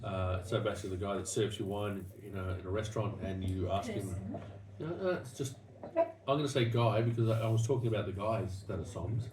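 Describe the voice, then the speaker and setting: A man's voice: lowish voice, fairly quick. Australian man, distant and echoey. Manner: rambling storyteller with many restarts. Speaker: wine show host. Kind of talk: casual wine-tasting chat. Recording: echoey room, distant mic, noisy.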